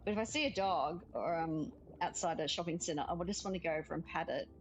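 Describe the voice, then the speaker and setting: A woman's voice: lowish voice, quick pace, slight background noise, poor audio. A woman chatting casually while playing a game, giggling often and reading game text aloud. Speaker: gaming streamer. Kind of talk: casual let's-play chat.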